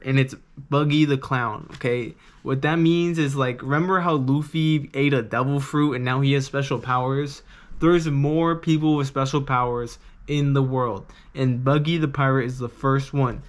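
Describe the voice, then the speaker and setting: A man casually reviewing a manga, rambling and excitable, with lots of fillers and swearing. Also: mid-range voice.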